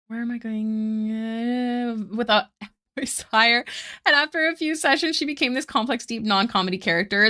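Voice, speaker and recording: A young woman chatting casually with her viewers while she draws, bubbly and talkative, reading chat aloud and thinking out loud. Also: medium pitch. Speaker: art streamer. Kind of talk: casual live-stream chat while drawing.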